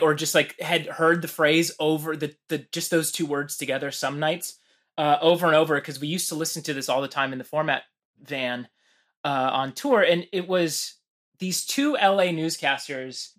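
A man's voice: a little high, fairly bright tone. Rambling man, casual guest chatter. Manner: rambling, many fillers and restarts, laughs often. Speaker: guest musician. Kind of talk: casual podcast chat.

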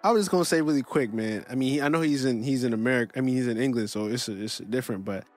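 A man's voice: mid-range voice, racing, faint music behind. A young man co-hosting a podcast, talking emphatically in casual chat. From Canada. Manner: emphatic, keeps saying "bro". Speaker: podcast co-host.

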